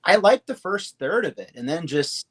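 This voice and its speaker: A man's voice: fairly high pitch, sing-song, normal speed, a bit bright, slightly rough. A man talking casually as a podcast guest, laid-back and candid. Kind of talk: casual chat.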